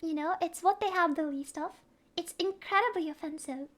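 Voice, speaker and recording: A woman's voice: extremely high pitch, moderate pace, fairly bright tone. A young woman, hosting a playful, mock-serious comedic explainer as a virtual streamer. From Norway. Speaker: vtuber streamer.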